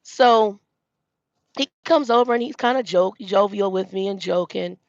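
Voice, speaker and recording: Woman vlogger, gravelly voice, dry dull self-filmed sound, rambling and cussing. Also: medium pitch, unhurried, darkish tone, no room sound. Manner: rambling, profane, many restarts. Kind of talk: casual storytime monologue. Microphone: self-filmed camera.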